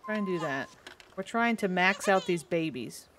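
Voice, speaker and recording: A woman's voice: on the low side, animated, normal speed, noisy background. A woman in her twenties chatting casually as she streams a game, giggly and rambling, with many restarts. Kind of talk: casual gameplay commentary.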